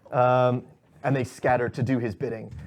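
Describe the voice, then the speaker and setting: A man's voice: medium pitch, level tone, normal speed. A man narrating as game master of a tabletop game, telling the scene loosely with lots of fillers. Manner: loose, filler-heavy storytelling.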